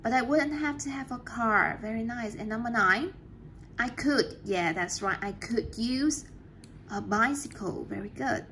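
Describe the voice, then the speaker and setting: A woman's voice: on the high side, fairly bright tone, a little hiss or hum. A woman teaching an English class, patiently checking answers and praising students often. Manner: slow, patient.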